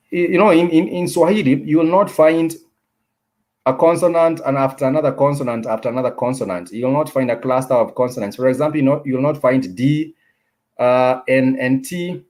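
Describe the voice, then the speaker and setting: Here a man of medium pitch and a somewhat dark tone gives a casual language lesson online. He explains patiently, slows down to repeat key words, and keeps restarting his sentences with hesitant fillers.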